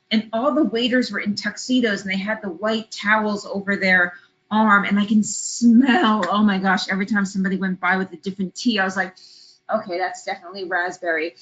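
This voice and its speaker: A woman from California leads a travel business webinar, telling a personal story to make her point and chatting with plenty of fillers. Her voice is medium-pitched and a bit bright, picked up with lo-fi sound by a webinar computer mic.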